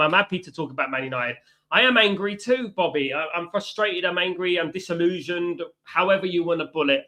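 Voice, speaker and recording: Bright-voiced man ranting about football. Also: fairly high pitch. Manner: chatty, shouts out viewers, fired-up football ranting. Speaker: watchalong host. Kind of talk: live stream chat with viewers. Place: indoors, hot room in Italy.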